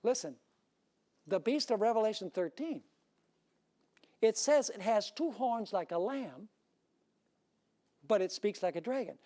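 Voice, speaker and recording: A man's voice: high voice, expressive, a little slow, pauses often, warm tone. Emphatic male pastor preaching. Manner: emphatic preaching with rhetorical questions to the audience. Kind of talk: sermon.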